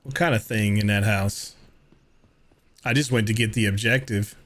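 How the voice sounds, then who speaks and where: A man's voice: on the low side, fairly even intonation, normal speed, fairly bright tone. A man from New York streaming a game live, chatting casually with viewers, reading their messages aloud and swearing offhandedly. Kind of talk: casual live-stream chat while gaming.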